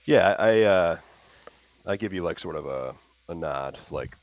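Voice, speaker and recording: Hesitant male tabletop player, low voice, halting delivery. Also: expressive, no room sound. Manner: hesitant, many fillers. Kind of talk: tabletop role-play.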